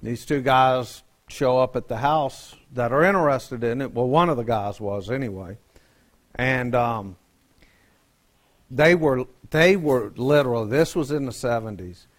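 A man's voice: mid-range voice, moderate pace. A man, a pastor telling a joking, folksy story in a sermon.

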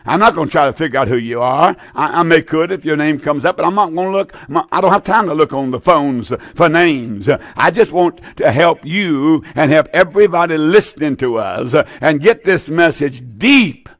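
A man's voice: on the high side, lively intonation, normal speed, few pauses, fairly bright tone, dry recording. An older man preaching on a call-in gospel broadcast, fervent and folksy, with many "uh" fillers. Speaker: radio preacher taking calls.

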